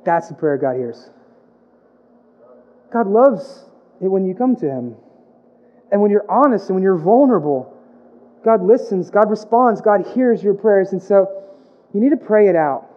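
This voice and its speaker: A man's voice: high-pitched, expressive, measured pace, pauses often. A male pastor preaching a sermon, emphatic and repetitive, with playful asides. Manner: emphatic preaching with comic put-on voices, repeated phrases. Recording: dull lo-fi sound.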